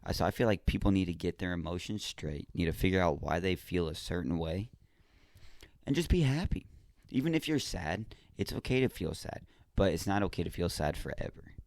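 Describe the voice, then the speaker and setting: A man hosting a podcast, talking casually and straight to the listener in a relaxed, slangy monologue. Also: deep voice, a little fast, no echo, clean studio sound. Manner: laid-back, slangy, talks straight to the listener. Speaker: podcast host.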